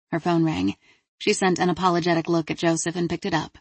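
A woman narrating a crime thriller audiobook in an even, measured reading. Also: lowish voice, husky, dry recording.

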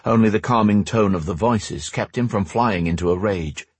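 Deep, husky male audiobook narrator. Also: normal speed, no room sound. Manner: steady, expressive storytelling. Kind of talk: scripted fantasy audiobook narration.

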